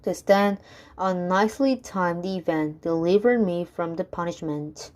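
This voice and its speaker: A woman reading children's rhyming poems aloud in a measured, rhythmic way. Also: lowish voice, darkish tone. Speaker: reader.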